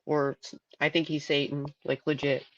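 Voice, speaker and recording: A woman's voice: deep voice, little pitch movement, normal speed, a bit bright, no room sound. A woman hosts a casual livestream, rambling on and restarting her sentences as she thinks aloud. The audio is dull and lo-fi, with a dry, close sound and no room around her voice. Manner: chatty, rambling, repeats words. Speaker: livestream host.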